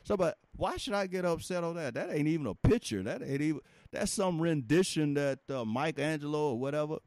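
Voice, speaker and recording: A man preaching an informal sermon in a folksy, animated way, laughing often and talking straight to his listeners. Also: a little high, fairly quick, no room sound.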